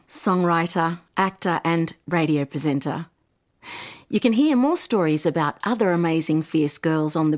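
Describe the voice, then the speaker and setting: A woman narrating a children's story podcast in a measured, gentle way. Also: lowish voice.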